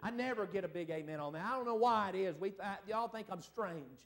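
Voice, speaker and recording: A man's voice: high voice, animated, brisk. A middle-aged man preaching a folksy revival sermon in a church, calling out for amens from the congregation. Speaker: evangelist. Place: church service.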